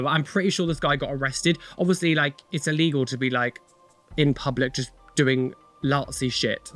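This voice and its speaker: A young man hosts a tattoo reaction video, chatting casually, rambling, exclaiming, and swearing a lot. His voice sits on the high side with a fairly bright tone.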